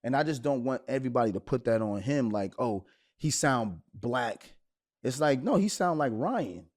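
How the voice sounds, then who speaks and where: Brooklyn-raised man, podcast co-host, mid-pitched, animated, emphatic pushback. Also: a little fast. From Brooklyn, New York. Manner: animated, pushes back emphatically. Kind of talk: casual group discussion.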